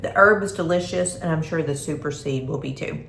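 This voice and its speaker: A woman's voice: sits low, fairly quick, vocal fry, hardly any pauses, a bit bright, a little hiss or hum. Chatty woman vlogging at home. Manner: chatty, homey, talks while snacking. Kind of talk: casual vlog chat. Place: home kitchen, indoors. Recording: echoey room.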